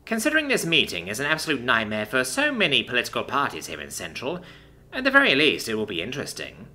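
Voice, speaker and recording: A woman's voice: rumbling low, wildly swooping pitch, quick pace, bright, forceful tone, exaggerated voice. A man voicing a stern, authoritative woman president in her forties. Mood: dry. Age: 40s.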